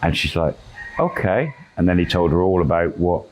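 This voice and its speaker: A man telling a long story in a relaxed, rambling way, with fillers and quoted dialogue. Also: deep voice, fast talker, low-quality recording. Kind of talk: casual spoken storytelling.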